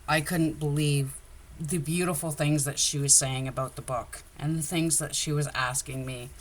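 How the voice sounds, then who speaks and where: A woman's voice: sits low, a bit bright. A woman chatting casually on a livestream about her crafts, rambling and openly emotional. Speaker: craft vlogger.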